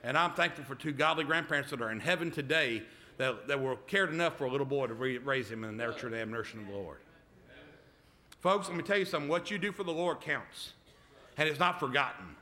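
A man's voice: mid-range voice, expressive, quick pace, pushed and bright. A middle-aged man preaching a sermon, often stopping to ask "amen?" of the congregation. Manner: emphatic call-and-response, repeated "amen?".

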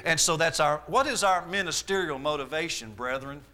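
High, bright-voiced preacher. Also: male voice, a little fast. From Arkansas, US. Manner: emphatic, repetitive preaching with rhetorical questions. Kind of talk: sermon.

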